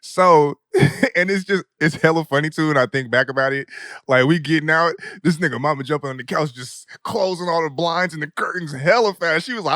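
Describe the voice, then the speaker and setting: A man's voice: fairly high pitch, a little fast, no echo, clean studio sound. Laughing young man telling wild stories. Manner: laughing often, loose, profane and animated. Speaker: podcast host. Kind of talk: comedic storytelling.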